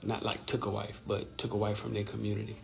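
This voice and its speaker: A fast-talking Louisiana man hosts a casual social-media live stream, his low, flat, gravelly voice explaining things and checking in with "right?". The recording from his phone or computer mic is rough.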